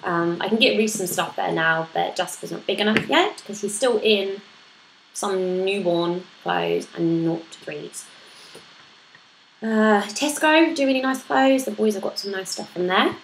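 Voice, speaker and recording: Chatty mum vlogging in an echoey room. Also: female voice, mid-range voice, unhurried, vocal fry. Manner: chatty, self-deprecating, laughs at herself. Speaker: vlogger answering a parenting tag. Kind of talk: casual chat to camera. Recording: echoey room with faint noise.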